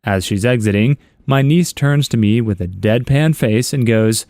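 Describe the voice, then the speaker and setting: A man's voice: mid-range voice, moderate pace, a little mellow, no room sound. A man reading internet stories aloud, chuckling and adding wry asides on a close voice-over mic. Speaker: story narrator.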